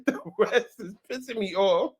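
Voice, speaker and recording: A man's voice: high-pitched, unhurried, darkish tone, husky. A man hosting casual reaction commentary, talking in a sassy way, laughing often and repeating words for emphasis. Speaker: host.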